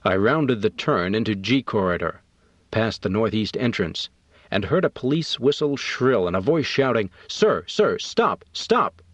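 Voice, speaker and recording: Man, audiobook narration, low voice, measured, dull dry sound. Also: expressive, no room sound.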